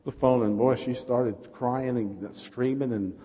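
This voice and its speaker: Male New York preacher, mid pitch, passionate storyteller, big reverberant church. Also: fairly even intonation, unhurried, dark tone, slightly rough. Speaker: pastor. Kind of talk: sermon. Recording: reverberant hall.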